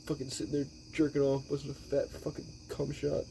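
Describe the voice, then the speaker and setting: A man's voice: a little high, brisk, vocal fry, dark tone, a little hiss or hum. A man giving a rambling, exasperated movie recap, swearing heavily as he talks. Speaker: movie reviewer. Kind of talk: profane movie recap rant.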